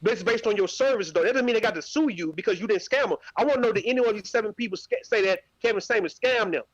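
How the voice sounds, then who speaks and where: Rapid-fire, aggressive male caller. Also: high voice, dry recording. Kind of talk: heated call-in argument. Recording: dull lo-fi call audio.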